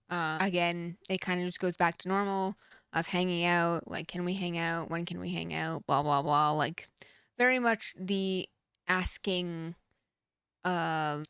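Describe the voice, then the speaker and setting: A young woman hosting a true crime reaction video, reading text messages aloud in a flat run and breaking off for blunt, profane asides. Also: on the low side, clear, resonant tone, no room sound, studio quality. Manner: reads texts flatly, blunt asides with swearing. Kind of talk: casual reading and commentary.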